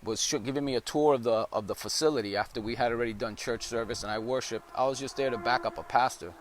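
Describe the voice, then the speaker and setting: A man's voice: mid-range voice, fast talker, noisy background. A male evangelist preaching a testimony story, with emphatic storytelling that builds in intensity.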